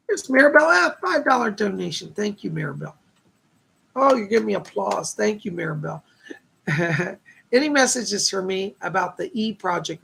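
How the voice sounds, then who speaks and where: A man's voice: high voice, vocal fry, sharp tone, breathy edge. A man hosting a live stream of psychic readings, chatty and upbeat, reading viewer comments aloud and thanking donors.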